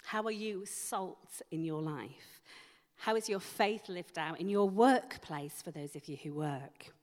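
A woman preaching a sermon, asking slow, emphatic rhetorical questions. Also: on the low side. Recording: long hall reverb.

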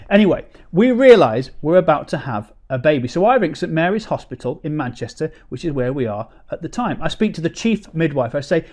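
A man doing stand-up comedy, telling a story in an animated, sarcastic, ranting way. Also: fairly high pitch, a little fast, few pauses.

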